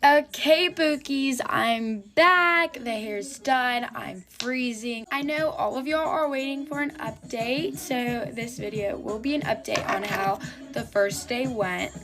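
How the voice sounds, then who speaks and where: A woman's voice: fairly high pitch, takes it slowly. A teenage girl chatting casually into a phone about her school day, filling her talk with "like". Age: teens. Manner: chatty, lots of filler "like". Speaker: vlogger. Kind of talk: casual storytime chat. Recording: music playing behind. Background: music.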